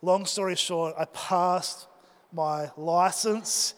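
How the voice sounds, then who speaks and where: A man's voice: high-pitched, steady tone, slow pace, clean tone. A young man preaching, telling a personal story and asking his congregation questions. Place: church hall. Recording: long hall reverb.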